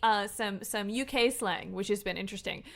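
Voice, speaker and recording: A woman co-hosting a podcast, chatting quickly about video games and laughing often. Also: mid-range voice, creaky, over a noisy crowd. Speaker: podcast co-host.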